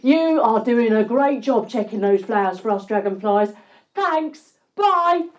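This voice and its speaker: A woman's voice: a little high, lively intonation, a little slow. A woman doing a matey dragonfly. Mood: cheerful. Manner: casual and matey. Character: easygoing, grateful dragonfly.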